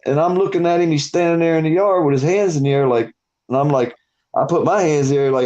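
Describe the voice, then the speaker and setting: A man hosting a live stream, telling stories in a profane, animated way. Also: a little high, quick pace. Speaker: stream host. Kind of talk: casual storytelling chat. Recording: dull lo-fi stream audio.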